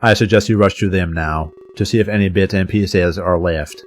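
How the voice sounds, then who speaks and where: A man voicing a cold, mocking villain who speaks over a loudspeaker, with slow deliberate phrasing. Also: sits low, fairly even intonation, a little hiss or hum, close to an everyday voice. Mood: taunting.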